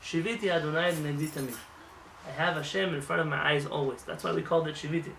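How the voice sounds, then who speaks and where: A man rabbi giving a lively, joking sermon in a synagogue, acting out voices as he talks. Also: on the high side, quick pace, vocal fry, far from the mic, slight background noise. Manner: animated, acts out voices, jokes with the congregation. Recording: roomy hall with faint ambience.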